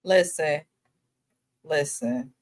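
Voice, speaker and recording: A woman's voice: low-pitched, drawn-out words. A woman co-hosting a reality TV recap, giving her blunt opinions and laughing easily. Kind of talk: casual opinionated commentary.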